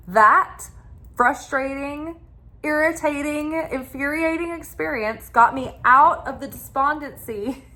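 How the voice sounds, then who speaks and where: A woman's voice: sits high, pushed and bright. A woman who hosts a spiritual channel, telling a personal story in a chatty, rambling way with frequent restarts. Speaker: tarot reader and spiritual channel host.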